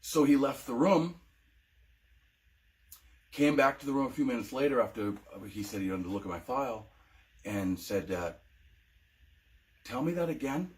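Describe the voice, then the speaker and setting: A man's voice: medium pitch, fairly even intonation, normal speed, long pauses. Emotional, hesitant veteran man. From United States. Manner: emotional, hesitant, many ums and restarts. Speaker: veteran telling his own story. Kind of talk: personal testimony vlog.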